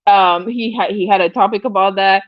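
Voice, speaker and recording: A woman's voice: medium pitch, fairly even intonation, normal speed, no room sound. A woman hosting a casual livestream, reading the chat aloud, rambling with restarts and bursting into laughter often. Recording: dull lo-fi dry sound.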